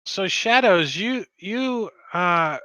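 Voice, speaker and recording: A man running a tabletop game as dungeon master, narrating in a relaxed, rambling way. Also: high-pitched, slow, smooth, no echo.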